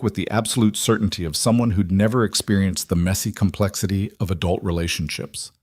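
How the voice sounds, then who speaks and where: A man narrates a story in a low, steady voice. His delivery is even and measured. The sound is dry and close to the mic. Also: no echo.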